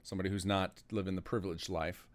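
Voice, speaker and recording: Give me a man with a slightly low voice, hosting a livestream with enthusiasm. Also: little pitch movement, fast talker. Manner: enthusiastic, organizing. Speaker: stream host, game modder. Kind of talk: casual livestream chat.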